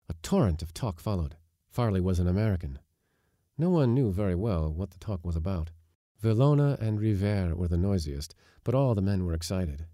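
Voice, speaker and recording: A man narrating a literary short story in a measured storytelling way, lifting his voice for the lively moments. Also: low voice, dry recording, studio quality. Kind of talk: scripted audiobook narration.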